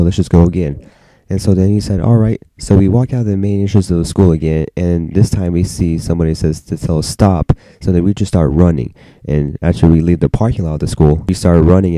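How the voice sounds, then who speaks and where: Teen guy vlogging a story, super deep dark voice, dry close sound, says like a lot. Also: no echo, low-quality recording. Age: teens. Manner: rambling, many "like" fillers. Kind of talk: casual storytelling.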